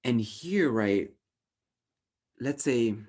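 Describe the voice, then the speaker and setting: A man from Southern California leading a workshop in casual, animated teaching talk, tagging his points with "right?", swearing lightly and laughing at himself. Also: medium pitch, extremely slow. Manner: animated, often ends points with a questioning "right?"; acts out inner voices in raised, playful tones. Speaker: workshop facilitator.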